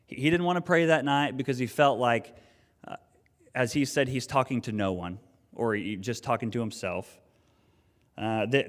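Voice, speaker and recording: A man preaching a sermon, telling a personal story in an earnest, conversational way with frequent restarts. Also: fairly low pitch. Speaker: pastor. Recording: long reverb of a hall.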